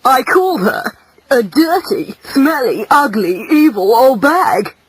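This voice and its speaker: A woman's voice: medium pitch, a little slow, fairly bright tone, breathy edge, no room sound, rough recording. A woman voicing a cheeky young man turned into a pig, talking breezily. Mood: breezy. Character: cheeky enchanted male pig, a youth.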